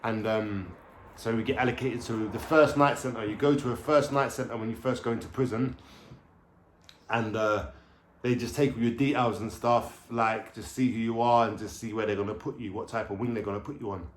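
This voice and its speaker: A man's voice: on the low side, steady tone, moderate pace. Man telling stories straight to camera, slangy, sweary and rambling; echoey room with faint background noise. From London. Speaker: vlogger. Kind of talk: casual storytelling to camera. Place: at home, indoors, with a dog.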